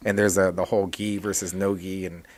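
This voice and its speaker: A man with a very low voice, talking casually as a podcast guest. He rambles in a relaxed way, restarting his sentences and filling pauses as he explains how he teaches. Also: no room sound. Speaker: jiu-jitsu instructor and guest.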